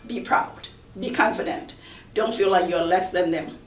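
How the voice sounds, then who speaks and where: A woman's voice: on the low side, unhurried, a little hiss or hum. An earnest woman speaking as a professor on a panel, stressing her points firmly. Her voice sounds far from the mic in an echoey room. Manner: earnest, emphatic advice. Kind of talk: panel discussion. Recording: roomy, distant mic.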